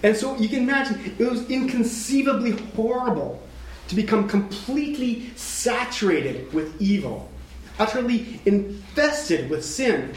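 Dramatic high-voiced male preacher, echoey room. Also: animated, unhurried, a little hiss or hum. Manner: dramatic, swings from hushed to shouting. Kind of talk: sermon.

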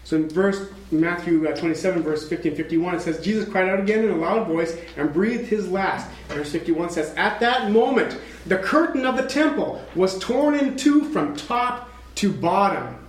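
Dramatic high-voiced male preacher, echoey room. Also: lively intonation, normal speed, slight background noise. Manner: dramatic, swings from hushed to shouting. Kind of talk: sermon.

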